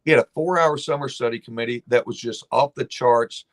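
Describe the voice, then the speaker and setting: A man's voice: mid-range voice, a little fast. A man who is a state lawmaker, speaking as a guest in an impassioned interview, emphatic and blunt as he tells stories.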